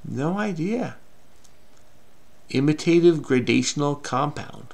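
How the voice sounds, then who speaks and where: Giving casual commentary while solving a crossword on video, this male host speaks frenetically and mutters to himself as he hunts for answers. His voice is a little high, gravelly and slightly mellow, expressive and slow-paced.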